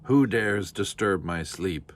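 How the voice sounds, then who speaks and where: A man voicing a huge, fierce mother dragon who speaks in a slow, booming, menacing way. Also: animated.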